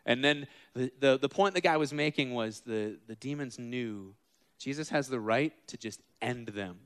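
A man in his thirties or forties preaching a casual, animated sermon, acting out the figures in his stories with asides to the room. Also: medium pitch, normal speed, clean tone. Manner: animated, acts out quoted figures, self-deprecating asides.

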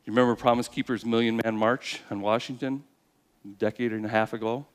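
A man preaching a sermon with earnest storytelling, building to loud emphasis and then dropping to quiet, slowed phrases. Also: medium pitch, steady tone, clear, resonant tone. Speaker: pastor.

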